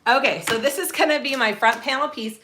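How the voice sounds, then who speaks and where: A woman's voice: high voice, a little fast, bright, forceful tone, slight background noise. A woman hosting a live sewing tutorial, chatting casually and greeting viewers as she works. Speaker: sewing livestream host.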